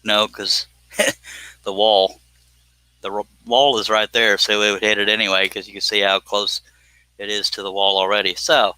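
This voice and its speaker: A man's voice: fairly low pitch, little pitch movement, moderate pace, sharp tone, clean tone, no room sound, rough recording. A man, hosting a live stream and chatting casually while he works, rambling and self-deprecating.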